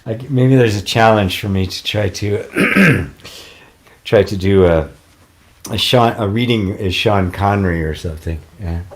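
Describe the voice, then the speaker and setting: Man, older, low-pitched, casual rambling chat, chuckling. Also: measured pace. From United States. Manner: rambling, chuckling, many fillers and restarts. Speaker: spiritual teacher. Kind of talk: casual live-stream chat, reading viewer comments.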